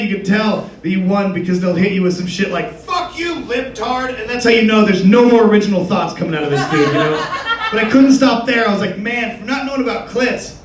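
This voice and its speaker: Young guy doing stand-up, kinda high voice, roomy club sound, mic a bit far off, swears a lot and rambles. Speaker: stand-up comedian. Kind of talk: stand-up comedy set. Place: live comedy club stage with audience. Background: audience laughter.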